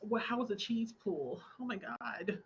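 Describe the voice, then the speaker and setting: A young adult woman hosting a relaxed crafting livestream, chatting casually, laughing often and reading out viewer comments. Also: fairly high pitch, measured pace, vocal fry, dull audio, a little hiss or hum. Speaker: livestream host. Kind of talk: casual chat while crafting.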